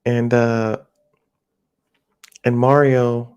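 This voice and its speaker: A man's voice: mid-range voice, level tone, extremely slow, a little mellow, smooth, highs cut off. A man casually telling a rambling personal story at home, slipping into his friends' voices as he quotes them. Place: home near a highway.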